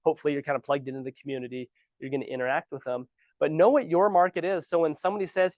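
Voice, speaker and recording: In an office training room, a real estate trainer rants at new realtors during a casual training talk, animated and full of sarcastic asides. His voice is a little high and very fast, with no room sound.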